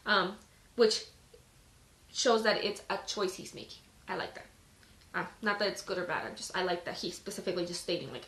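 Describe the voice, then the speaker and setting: A woman's voice: medium pitch, brisk, a bit bright, echoey room, rough recording. A woman hosting a casual live-streamed Bible reading, reading passages aloud and then talking them through in a chatty way full of "like". She is out of breath. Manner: chatty, lots of "like" fillers. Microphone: phone on a live stream.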